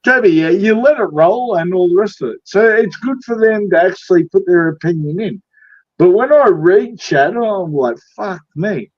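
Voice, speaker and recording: High-voiced man trading crude insults. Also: expressive, moderate pace, no room sound, dull audio. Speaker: livestream guest. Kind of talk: casual livestream banter.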